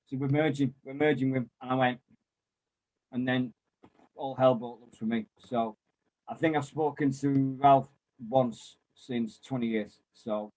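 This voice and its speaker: Bloke spinning old club stories, acts out what people said, bit sweary. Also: male voice, mid-range voice, unhurried. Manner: animated storyteller, mild swearing, acts out quotes. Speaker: former club volunteer and kit man. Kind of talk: casual chat, telling anecdotes.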